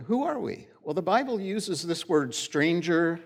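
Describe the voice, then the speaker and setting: A man's voice: a little high, sing-song, unhurried, vocal fry. Conversational middle-aged male pastor. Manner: conversational, folksy storytelling with frequent "uh". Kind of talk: sermon. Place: church sanctuary.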